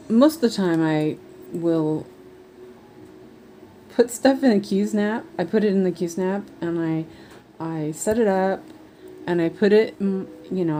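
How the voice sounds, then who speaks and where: Woman, rambling live-stream chat, cross-stitch, unhurried, warm soft tone. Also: on the low side, slight background noise. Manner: rambling, chatty, many fillers.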